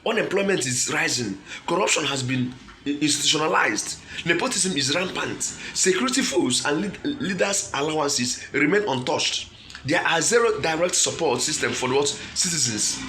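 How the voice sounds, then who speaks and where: A man's voice: a little high, expressive, normal speed, pushed and bright, slight background noise. A man with a Nigerian English accent reads out a statement and comments on it emphatically, often asking himself "what?" before a key word.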